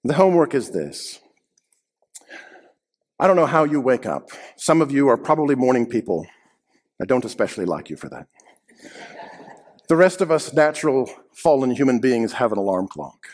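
A man preaching a sermon, swinging between loud emphatic lines and hushed quiet ones, with dry humorous asides. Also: mid-range voice.

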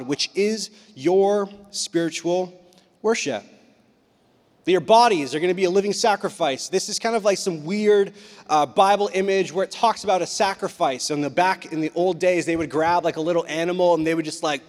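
A young man preaching a casual youth sermon as a youth pastor, chatty and animated, acting out voices as he talks. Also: high voice. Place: church sanctuary. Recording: long reverb of a hall.

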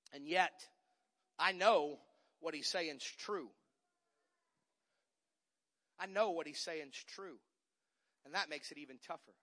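A middle-aged man preaching a sermon as pastor, moving from quiet talk to shouted, fiery preaching. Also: on the high side. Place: church sanctuary.

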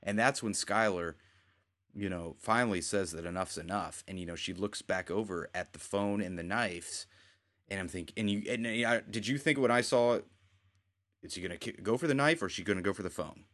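Low-voiced man recapping a drama. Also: a little fast, fairly bright tone. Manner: retells scenes with quoted voices, rambling. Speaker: podcast co-host. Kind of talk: casual recap chat.

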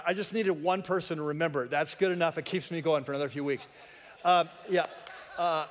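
A man preaching a sermon to his congregation, talking conversationally and throwing in joking asides. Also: on the high side. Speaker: pastor. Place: church sanctuary. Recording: long reverb of a church hall.

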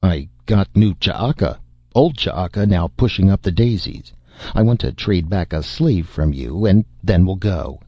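A man's voice: deep voice, lively intonation, a little slow, husky, dry recording, muffled recording, exaggerated voice. A man voicing a wry, resourceful male adventurer in an audiobook, with dry humor. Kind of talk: audiobook character voice.

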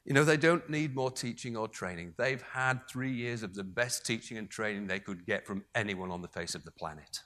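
A man preaching a sermon, moving between raised emphasis and hushed, almost whispered passages. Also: fairly low pitch, normal speed, few pauses.

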